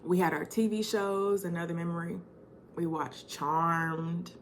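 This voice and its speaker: Lady in her 30s vlogging, chatty and animated, laughing through old memories. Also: lowish voice, unhurried, a little hiss or hum. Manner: animated, laughing while reminiscing. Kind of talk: personal storytelling vlog.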